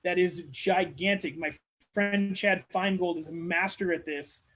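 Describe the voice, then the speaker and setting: A man hosting a live webinar who coaches on networking in an energetic, conversational way and acts out sample dialogues. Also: high voice, a little slow. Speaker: marketing coach, webinar host.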